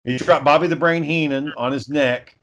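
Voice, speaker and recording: A man's voice: fairly high pitch, fairly even intonation, normal speed, fairly bright tone, muffled recording, slight background noise. A man in casual podcast chat, telling a long story with plenty of swearing, fillers and restarts. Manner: rambling profane storytelling with many fillers.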